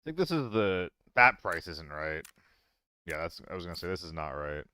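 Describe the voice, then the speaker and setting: A man's voice: sits low, sing-song, normal speed, pushed and bright, clear, resonant tone. A young man streaming a game, chatting casually with viewers, self-deprecating and swearing freely. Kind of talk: casual live-stream chat.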